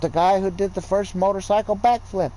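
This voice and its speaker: High-voiced man ranting profanely. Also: fairly even intonation, brisk, dark tone, slight background noise, poor audio. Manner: profane, rambling, lecturing. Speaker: gaming streamer. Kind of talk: casual livestream rant.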